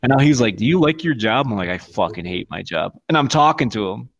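A man's voice: mid-range voice, expressive, brisk, vocal fry, dull audio. A young man co-hosting a podcast, chatting casually, swearing a lot and laughing through his stories. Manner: profane, laughing, puts on silly voices in stories. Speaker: podcast co-host. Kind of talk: casual chat.

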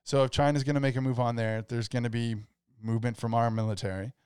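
A man's voice: medium pitch, steady tone, fast talker, darkish tone, smooth, dry recording, clean studio sound. A man co-hosting a podcast, explaining theories in a loose, rambling way. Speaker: podcast co-host. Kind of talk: casual podcast banter.

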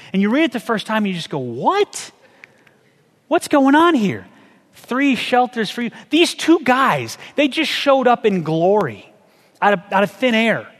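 A man with a fairly high voice preaches to his congregation in an easy, conversational way, often pausing to ask questions. His words ring out with a long reverb, as in a large church sanctuary. He keeps his delivery engaged and chatty rather than formal. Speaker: pastor. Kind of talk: sermon.

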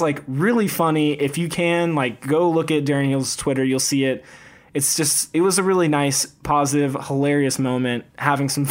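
A man co-hosting a casual sports podcast, eager and upbeat as he tells stories. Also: on the high side. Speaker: podcast co-host. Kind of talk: casual chat.

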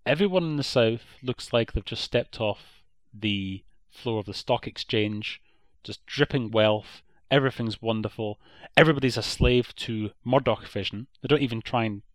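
A man's voice: medium pitch, no room sound. An Irish man co-hosting a podcast, giving a blunt, opinionated critique in a casual chat. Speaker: podcast co-host.

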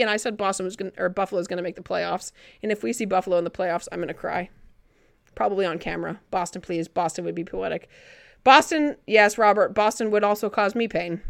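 A woman's voice: medium pitch, a bit bright, no echo, clean studio sound. A young woman chatting casually on a live stream from her living room, answering viewers and swearing now and then. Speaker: livestream host.

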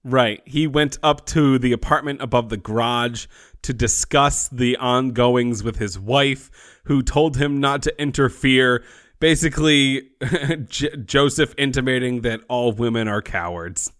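A man's voice: medium pitch, measured pace, fairly bright tone. A man co-hosting a podcast, trading wry, teasing banter while recapping a TV episode. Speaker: podcast co-host. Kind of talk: casual chat, episode recap.

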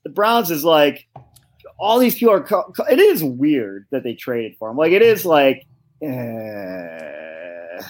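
A man's voice: mid-range voice, big pitch swings, slow. A man on a podcast telling a long, rambling story with frequent swearing and disbelief. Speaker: podcast co-host. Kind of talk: casual chat.

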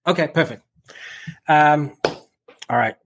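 A man's voice: on the high side, takes it slowly, fairly bright tone, a little hiss or hum. A man from South Africa with a blended South African accent, hosting a casual rugby podcast and chatting in a rambling way. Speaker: podcast host.

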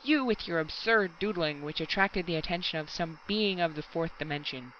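A woman reading aloud voices an angry, pompous male laboratory chief who shouts heatedly in bursts. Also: on the low side, moderate pace, lo-fi sound, a little hiss or hum, lightly acted. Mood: furious.

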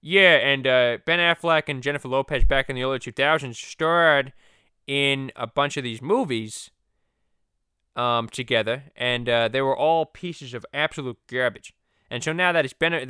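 A man with a Boston accent hosting a rambling comedy podcast, crude, giggly and easily excited. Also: mid-range voice, clear, resonant tone, no echo, studio quality.

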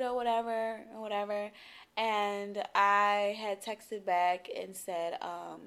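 A woman's voice: medium pitch, fairly even intonation, takes it slowly, fairly bright tone, clear, resonant tone. A young woman co-hosting a casual podcast, telling a story and acting out both sides of the conversation. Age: young adult. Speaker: podcast co-host.

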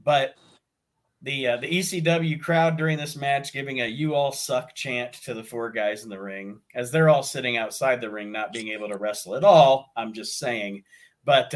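A man hosting a podcast, talking casually with fillers and chuckles. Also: mid-range voice. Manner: easygoing, chuckling, halting with fillers. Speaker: podcast host. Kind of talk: casual chat.

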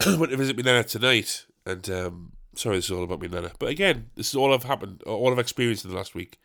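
A man's voice: lowish voice, quick pace, creaky, fairly bright tone. A young man, a stand-up comedian, hosting a solo podcast in a rambling, candid, sweary way.

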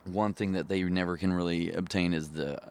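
A man, a musician guest, telling a story in casual chat, rambling and relaxed with many fillers and laughing at his own tale. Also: sits low, fairly quick, clear, resonant tone.

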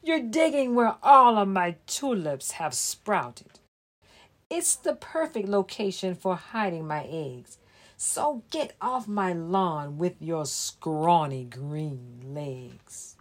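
A woman voicing a feisty male brown bunny who scolds and taunts loudly in a storybook reading. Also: sits low, expressive, slow, full character voice. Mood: indignant.

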